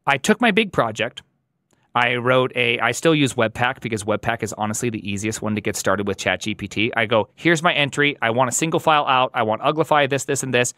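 A man talking as a podcast guest in casual tech chat, animated and opinionated, with emphatic delivery. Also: mid-range voice, brisk, no echo, studio quality.

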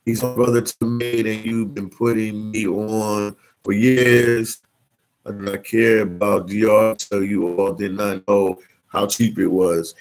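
Guy doing a live travel vlog, lowish voice, reads chat out, gets loud and animated. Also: a little slow, rough recording. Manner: reads viewer comments aloud, slangy and animated. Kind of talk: casual live-stream chat. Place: in the Dominican Republic.

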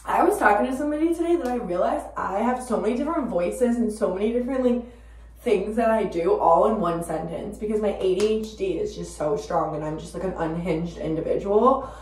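A woman in her twenties chatting casually to camera, rambling with lots of fillers, swearing freely, and breaking into sudden loud bursts. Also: mid-range voice, fairly quick. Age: 20s. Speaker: vlogger. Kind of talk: casual chat. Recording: roomy, distant from the mic.

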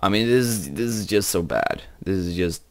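A young man hosting a game let's play, talking quietly and rambling, with frequent repeated phrases and chuckles. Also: sits low, animated, normal speed, dry recording. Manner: hushed, talking quietly so as not to wake someone. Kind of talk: casual game commentary.

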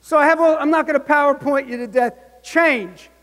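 A man's voice: extremely high pitch, brisk, a bit bright. A man in his sixties giving a motivational keynote speech, punchy and emphatic, often checking in with the audience. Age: 60s. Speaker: keynote speaker. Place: large conference hall. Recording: long hall reverb.

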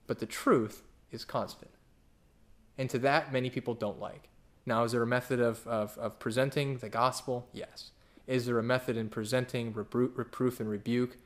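A pastor leads a verse-by-verse Bible study, lively and animated, acting out the voices he quotes and repeating phrases for emphasis. His voice is medium-pitched and his pace moderate.

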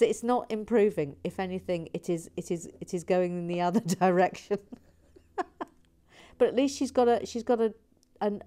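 A woman's voice: medium pitch, mellow. A woman hosting a LEGO building livestream, chatting playfully, reading out viewer comments and scatting little nonsense tunes as she builds.

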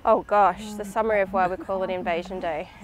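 Reflective, even-voiced woman. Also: mid-range voice, crowd noise, rough recording. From Australia. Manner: measured, reflective. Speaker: interviewee. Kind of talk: documentary interview.

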